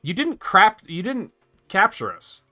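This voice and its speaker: A man's voice: high voice, huge pitch swings, a little slow, sharp tone. A male streamer commenting sarcastically on a game as he plays, laughing and swearing casually.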